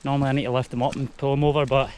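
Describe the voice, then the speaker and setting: A young Scottish man talks to his handheld camera in a relaxed, chatty walk-and-talk as he climbs a misty hill trail. His voice sits at a middling pitch, with faint outdoor noise behind him. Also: racing. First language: Spanish heritage only, English first. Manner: chatty, talks to the camera while walking uphill. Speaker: hiking vlogger.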